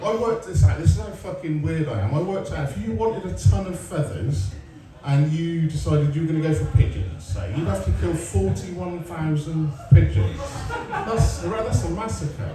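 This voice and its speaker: A man's voice: fairly high pitch, lively intonation, normal speed, few pauses, distant mic, over music. A man in his forties from England doing a stand-up comedy set, sarcastic and sweary, telling stories and chatting with the crowd. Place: comedy club stage. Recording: roomy live venue, mic heard from afar, crowd. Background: audience laughter.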